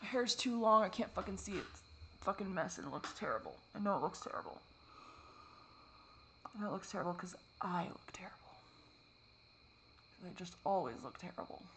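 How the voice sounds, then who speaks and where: A man talking in a confessional vlog, halting and repetitive, swearing often, and shifting between distress and soft, wry self-deprecation. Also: high-pitched, lively intonation, gravelly, slight background noise. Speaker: vlogger.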